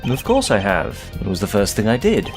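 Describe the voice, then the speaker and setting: A man's voice: fairly low pitch, huge pitch swings, brisk, music in the background. A man voicing an earnest young male defense attorney in a game, in a plain, slightly exasperated way.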